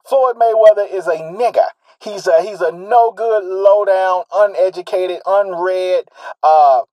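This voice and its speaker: A man's voice: on the high side, darkish tone, dry recording, poor audio. A man delivering a solo commentary monologue, emphatic and repetitive, drawing out stressed words and firing rhetorical questions.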